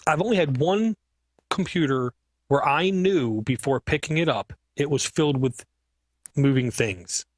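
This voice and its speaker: Male podcast co-host, tells lively repair-shop stories, fairly high voice, dry close mic. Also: measured pace, dry recording. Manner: animated storyteller, acts out customer dialogue. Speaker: computer repair business owner, podcast co-host. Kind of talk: casual podcast chat.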